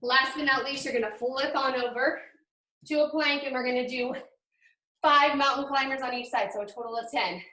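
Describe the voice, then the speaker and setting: High-pitched woman coaching a home workout, puffing, kinda far off in an echoey room. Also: fairly even intonation, normal speed, sharp tone. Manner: upbeat, counting reps while exercising. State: out of breath. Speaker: fitness trainer. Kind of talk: live workout instruction.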